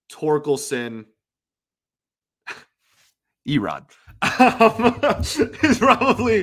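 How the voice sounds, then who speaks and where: A man with a somewhat high-pitched voice hosts a solo sports podcast. He talks in a loose, rambling way, airing strong opinions and chuckling between points. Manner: rambling and opinionated, with frequent laughs.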